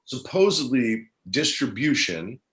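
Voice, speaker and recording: A man's voice: medium pitch, big pitch swings, unhurried, fairly bright tone. A middle-aged man from New Jersey, a guest on an interview show, telling a long rambling story and acting out the quoted lines.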